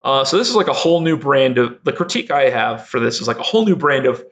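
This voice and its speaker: A man's voice: medium pitch, sing-song, quick pace, a bit bright. A young man chatting as a podcast guest, rambling and laughing a lot with many fillers. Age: young adult. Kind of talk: casual chat.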